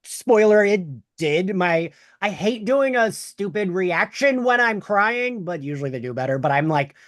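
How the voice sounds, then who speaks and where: Excitable man podcast host, dry mic. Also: sits high, unhurried, no echo. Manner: loose, excitable, swears casually. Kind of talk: casual pop-culture chat. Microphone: close mic on camera, dry.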